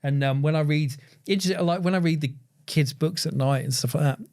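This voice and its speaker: A man, a podcast guest speaking reflectively, with many pauses, fillers and restarts. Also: a little high, darkish tone. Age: 40s. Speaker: podcast guest, agency founder. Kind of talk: reflective conversation.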